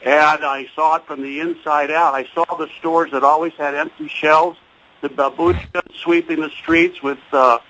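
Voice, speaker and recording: A man's voice: on the high side, fairly even intonation, normal speed, pushed and bright, poor audio. A man calling in to a talk radio show, speaking hesitantly with many stops and restarts. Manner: hesitant, full of fillers and restarts. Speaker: caller.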